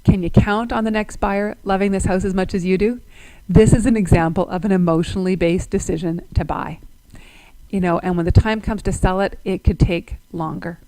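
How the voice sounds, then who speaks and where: A woman's voice: mid-range voice, warm tone, no room sound, low-quality recording. A woman presenting a webinar as a real estate agent. She is upbeat, explains through examples and asks her listeners questions.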